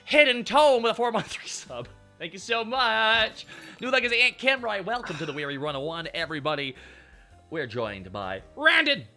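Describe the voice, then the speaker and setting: A man hosting a live stream in casual chat, excitable and rambling as he thanks donors aloud. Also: high voice, moderate pace. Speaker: streamer host. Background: faint background music.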